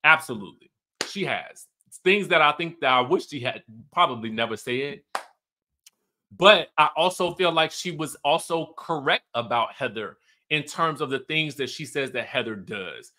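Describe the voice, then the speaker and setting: Chatty bright-voiced man. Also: medium pitch. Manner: chatty, emphatic, keeps asking "okay?". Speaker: reality TV recap host. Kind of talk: casual commentary.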